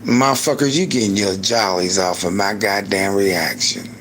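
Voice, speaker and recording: A man in his sixties hosting a livestream and ranting heatedly with a lot of profanity, swinging between loud outbursts and low muttering. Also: animated, normal speed, slight background noise. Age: 60s. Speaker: livestream host.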